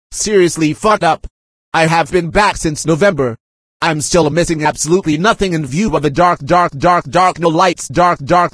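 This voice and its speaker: Man, husky and fairly high, reads a message aloud dictation-style, spelling names and calling out punctuation, insistent and aggrieved. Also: dry recording. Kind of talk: reading a written message aloud.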